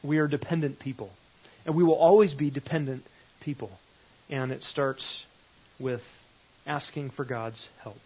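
A man's voice: medium pitch, steady tone, a little slow, warm tone, breathy edge. A man leading a live Bible study session, talking conversationally and repeating phrases with shifting emphasis. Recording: dull lo-fi recording.

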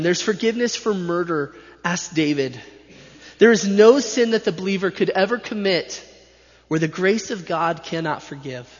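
A male pastor delivering a sermon with an emphatic, repetitive preaching cadence. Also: sits high. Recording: dull sound with long hall reverb.

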